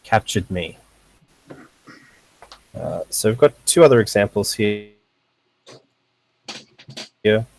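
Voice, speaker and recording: A man teaching a casual lesson over a voice call, halting with fillers and short laughs. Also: on the low side, lively intonation, creaky, darkish tone, low-quality recording. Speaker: language teacher.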